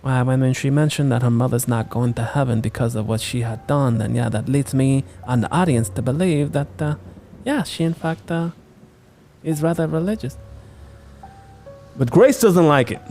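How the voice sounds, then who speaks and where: A man's voice: medium pitch, normal speed, warm tone, soft background music. Wisecracking man recapping a movie. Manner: loose, profane, wisecracking. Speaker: podcast host, film reviewer.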